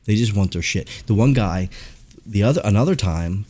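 A low-pitched man hosting a podcast, spinning animated anecdotes in casual chat. He swears a lot and talks with loose, easy energy. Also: moderate pace. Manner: animated, profane storytelling. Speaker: podcast host.

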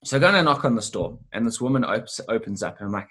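Husky man telling a lively story. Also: mid-range voice, racing. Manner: lively, animated anecdote-telling with casual swearing. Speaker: guest, sales business owner. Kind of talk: casual storytelling in conversation.

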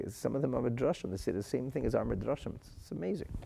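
A man teaching a Talmud lesson, asking rhetorical questions, reading Aramaic phrases and translating them, moving from quiet asides to loud emphasis. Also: medium pitch, expressive, a little fast, gravelly, slightly rough.

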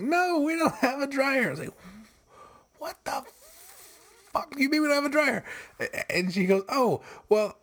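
A man casually telling a story to his regular viewers, exasperated and wry, with some swearing. He laughs at his own bad luck and acts out the phone calls he quotes in a raised voice. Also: mid-range voice.

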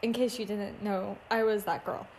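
A woman's voice: medium pitch, steady tone, moderate pace, a little mellow, slight background noise. A woman co-hosting a podcast in casual chat, playful and self-mocking, laughing often. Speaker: podcast co-host.

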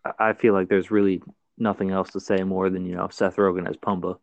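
A man's voice: sits low, flat delivery, a little fast, no echo, muffled recording. A man co-hosting a casual movie chat, with wry, sarcastic asides. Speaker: podcast co-host.

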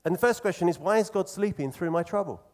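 Man preaching a sermon, earnest and conversational, emphatic pauses, somewhat high voice. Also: expressive, darkish tone.

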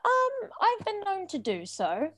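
A woman improvising a tearful ex-girlfriend who finds her nerve, animated and lilting. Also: extremely high pitch, a little slow, heavily acted. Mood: defiant. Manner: animated, lilting, prone to crying. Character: tearful, newly empowered woman, Michael's ex. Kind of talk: improvised comedy scene.

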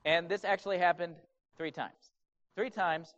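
A man's voice: high-pitched, steady tone, moderate pace, fairly bright tone. A man preaching a sermon in a conversational way, often asking rhetorical questions. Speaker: pastor. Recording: dull lo-fi recording.

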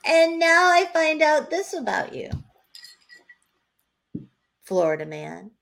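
A woman's voice: high-pitched, slow pace, vocal fry, a little hiss or hum. Chatty woman podcast co-host. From New Hampshire. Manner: lively storyteller who laughs often. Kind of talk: casual chat.

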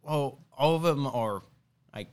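A young man in casual podcast chat, his voice smooth and clear. He rambles and hesitates, filling gaps with "uh" and "like.". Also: medium pitch, a little slow. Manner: rambling, hesitant with many fillers. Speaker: podcast host.

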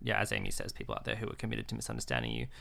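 A man co-hosting a podcast, chatting casually with animated, quick asides. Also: lowish voice, gravelly. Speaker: podcast co-host. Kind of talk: casual chat.

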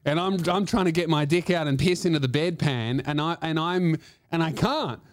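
A man's voice: fairly high pitch, normal speed, no echo, studio quality. A man who is a comedian and podcast host, telling a profane, rambling comic story full of restarts.

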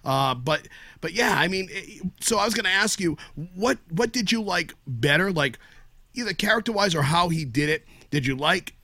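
A man's voice: high-pitched, animated, moderate pace, pushed and bright, no echo. A man filling in as guest co-host on a film podcast, rambling and joking in casual chat. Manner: rambling, joking, stammering restarts.

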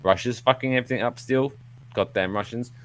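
A man hosting a live podcast, telling a rambling story in a playful, animated way, throwing in silly sound effects. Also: mid-range voice, brisk. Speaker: podcast host. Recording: live show with audience.

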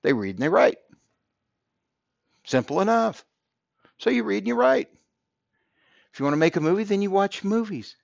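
A man's voice: high voice, very animated, normal speed, vocal fry, long pauses, no echo, lo-fi sound. A man hosting a podcast, delivering an earnest motivational monologue and repeating phrases for emphasis. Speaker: podcast host.

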